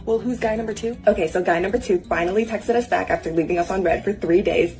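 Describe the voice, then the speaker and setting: A woman's voice: mid-range voice, moderate pace, a little mellow. A woman with a mid-range voice plays several bickering versions of herself in a comic skit, bossy and teasing. Faint music runs underneath. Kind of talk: comedy skit playing several selves.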